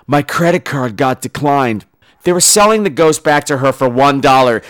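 At a moderate pace and medium pitch, a male podcast host rants about a movie on his horror show, sarcastic and profane. He's lively, voicing the characters as he goes.

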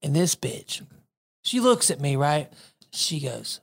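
A man's voice: a little high, big pitch swings, takes it slowly, vocal fry, husky. Crude laid-back storyteller man. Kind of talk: casual chat, storytelling.

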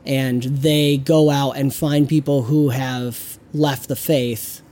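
A man running a tabletop game as game master and host, talking in a halting way with many fillers and restarts. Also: medium pitch, level tone, warm tone.

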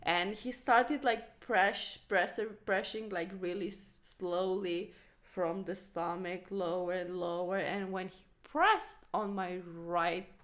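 A woman from Romania in her thirties, telling a childhood story in casual chat, animated and laughing as she acts out the people in it. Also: fairly low pitch, takes it slowly.

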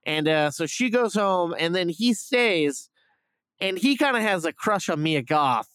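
A man's voice: sits high, expressive, unhurried, a bit bright, no echo. A man casually retelling a movie plot on a review podcast, rambling with lots of fillers and swearing. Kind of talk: casual chat.

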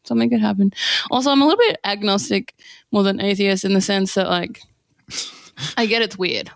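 A woman's voice: medium pitch, fairly quick, vocal fry, dry recording. Blunt laughing woman co-host. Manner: blunt, laughing, swears freely. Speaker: podcast co-host. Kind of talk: casual chat.

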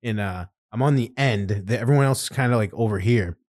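Podcast host, male, mid-pitched, profane and laughing storyteller, dry close mic. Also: brisk, a little mellow, no echo. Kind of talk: casual chat.

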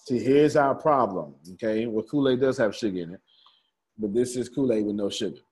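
A man's voice: medium pitch, brisk, darkish tone. A man leading a live group lesson, repeating his points and calling on listeners by name. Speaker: teacher of a study group. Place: room with a small live audience.

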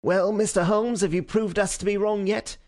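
A man's voice: sits high, steady tone, normal speed, darkish tone, pitched above the performer's own voice, natural voice. A man voicing a smug, triumphant male police inspector in a crowing, boastful way. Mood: gloating.

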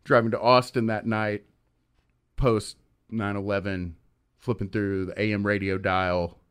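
A man's voice: fairly low pitch, flat delivery, a little slow, clean tone. A man hosting a podcast, telling a rambling story in casual chat with many fillers. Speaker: podcast host.

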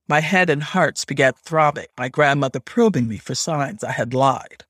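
Husky-voiced male audiobook narrator. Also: medium pitch, lively intonation, moderate pace, few pauses, a bit bright, dry recording, studio quality. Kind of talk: scripted first-person narration.

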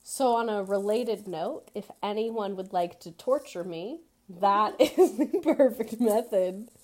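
A woman co-hosting a podcast in casual chat, animated and laughing often as she acts out quoted people. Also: medium pitch, slow pace. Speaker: podcast co-host.

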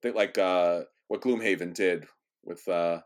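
A man's voice: low voice, fairly even intonation, measured pace. A man hosting a casual podcast chat, upbeat and announcing matchups between laughs. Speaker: podcast host running the bracket.

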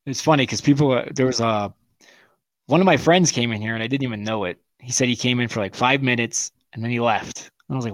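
A man's voice: medium pitch, quick pace. A man co-hosting a podcast, chatting casually in a blunt, heavily profane way. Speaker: podcast co-host. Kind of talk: casual chat.

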